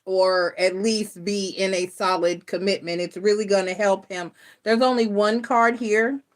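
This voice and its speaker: A woman's voice: mid-range voice, fairly even intonation, a little slow. A woman giving a live tarot reading, rambling and reassuring, with many fillers and restarts. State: close to tears. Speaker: tarot reader.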